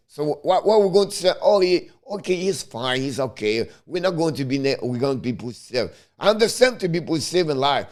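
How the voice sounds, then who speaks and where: Frustrated hockey commentator with tinged English. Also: male voice, high-pitched. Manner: heated, frustrated, repetitive, broken English phrasing. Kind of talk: ranting fan commentary.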